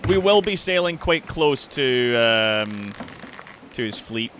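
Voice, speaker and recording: A man's voice: medium pitch, lively intonation, slow, fairly bright tone, slight background noise. A man captaining a crew in casual gaming chat, easygoing and chuckling often. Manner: chuckling, easygoing, with frequent laughs. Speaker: streamer captain of a pirate crew.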